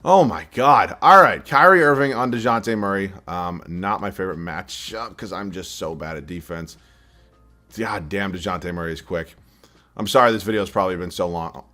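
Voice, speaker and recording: A man's voice: low-pitched, normal speed, bright, forceful tone, faint music behind. A young man commenting live on his own basketball video game, self-deprecating and prone to frustrated, swearing outbursts. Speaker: gaming YouTuber.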